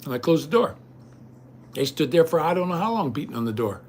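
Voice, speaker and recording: A man's voice: a little high, big pitch swings, a little fast, a little mellow, a little hiss or hum. An older man hosting a livestream, ranting indignantly and rambling straight at his viewers. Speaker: livestream host. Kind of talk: casual rant to viewers.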